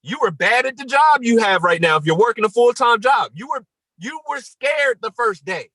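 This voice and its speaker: A man giving an emphatic motivational talk on a morning call, repeating his points and rising to near-shouts. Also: very high voice, expressive, moderate pace, dry recording, low-quality recording.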